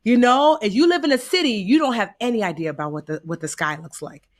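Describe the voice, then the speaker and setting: Here's a woman from the States guesting in a relaxed conversation, telling stories animatedly and performing the voices she quotes with folksy remarks along the way. Her pitch is a little high and her pace quick.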